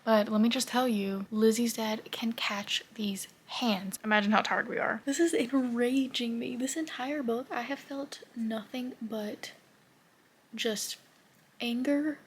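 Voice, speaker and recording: A woman's voice: on the high side, measured pace, slight background noise. Emotional young woman reading vlogger. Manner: emotional, often drops to a whisper. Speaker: book vlogger. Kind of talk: casual reading vlog.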